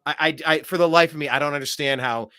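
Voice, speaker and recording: A man hosts a political talk show, his voice bright and forceful. He rambles sarcastically, restarts his sentences and keeps the talk animated. The sound is dry and close, with little room in it. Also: fairly high pitch, fast, clean tone, no echo. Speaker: show host.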